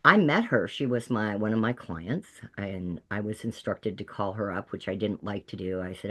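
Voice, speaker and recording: A middle-aged woman who works as a peer counselor, telling stories to a group in a lively way and acting out the voices of the people she quotes. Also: very deep voice, normal speed, hardly any pauses, slightly rough. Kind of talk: storytelling talk to a peer audience.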